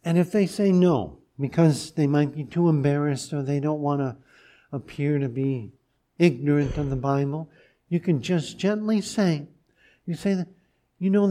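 A man preaching a sermon as pastor, speaking gently and deliberately with pauses and restarts. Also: fairly high pitch.

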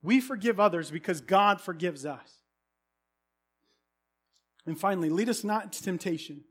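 A man in his thirties preaching a sermon, animated and storytelling, sometimes breaking into loud calls. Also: high-pitched, normal speed, husky. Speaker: pastor.

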